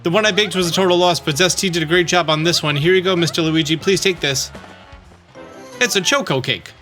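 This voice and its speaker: A man's voice: sits high, fairly quick, sharp tone, faint music behind. A man doing a giddy starstruck fangirl. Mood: gushing. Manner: gushing, breathless chatter. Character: giddy young woman fan, starstruck.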